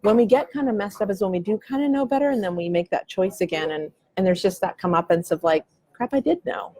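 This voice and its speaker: A woman's voice: mid-range voice, steady tone, quick pace, mellow, rough recording. A woman in her forties talking candidly in a coffee shop, musing loosely and swearing casually as a podcast host. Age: 40s. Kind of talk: candid reflective chat.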